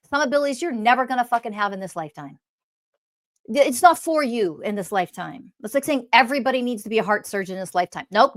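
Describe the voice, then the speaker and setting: A woman speaking as a spiritual teacher in a blunt, scolding monologue, swearing often. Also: on the high side. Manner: mocks others in quoted voices.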